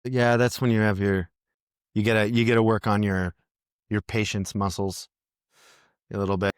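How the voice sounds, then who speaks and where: Chill american guy talking casual, kinda low voice, laughs a lot, dry mic. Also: normal speed, clear, resonant tone, dry recording. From United States. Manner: relaxed, laughs often, swears casually. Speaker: podcast guest. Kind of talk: casual chat.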